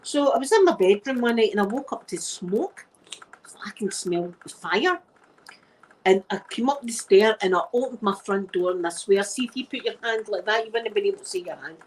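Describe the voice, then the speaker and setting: A woman's voice: medium pitch, expressive, brisk, a little mellow, breathy edge, poor audio. Glaswegian woman, middle-aged, chatty asmr storytelling, scots words everywhere. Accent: Glaswegian Scottish. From Scotland. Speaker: ASMR creator.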